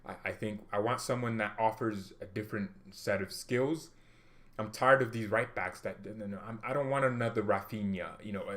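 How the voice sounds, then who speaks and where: A man hosting a football reaction vlog, talking in an animated, jokey, rambling way. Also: lowish voice. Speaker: football reaction channel host. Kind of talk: casual reaction vlog commentary.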